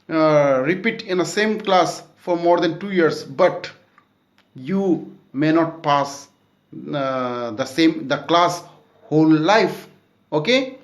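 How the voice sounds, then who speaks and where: A man's voice: on the high side, reverberant. A man reading the part of a stern, studious elder brother who scolds and lectures his younger sibling.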